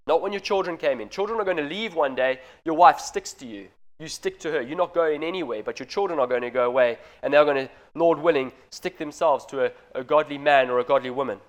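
A man in his thirties preaches to a congregation in an earnest, direct manner. His voice sits a little higher than most men's, and he presses each point home as he addresses the parents. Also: quick pace, few pauses. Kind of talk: sermon.

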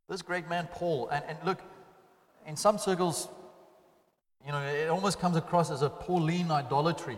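A man preaches a sermon with a fairly high voice, rising to loud, emphatic peaks and then dropping to quiet, close asides. His voice carries a long reverb, as if filling a church hall. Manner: earnest preaching, swings between loud emphatic and quiet intimate. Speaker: pastor.

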